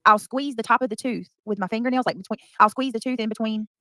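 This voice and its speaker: A woman's voice: fairly high pitch, quick pace, bright, forceful tone, dry recording. A woman hosting a livestream, reading comments and chatting in a bubbly, giggly way. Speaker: livestream host. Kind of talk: casual livestream chat.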